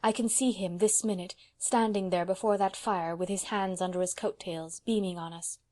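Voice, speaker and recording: A woman voicing a sentimental elderly lady who speaks solemnly and slowly. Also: medium pitch, fairly even intonation, a little mellow, close to an everyday voice. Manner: solemn and slow.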